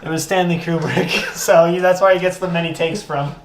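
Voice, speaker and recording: A young man hosts a podcast and tells a story in a casual, animated way, swearing freely. His voice sits a little high for a man. The room gives a roomy echo with faint noise behind. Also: brisk. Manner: animated, profane, laughing storyteller. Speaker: podcast host.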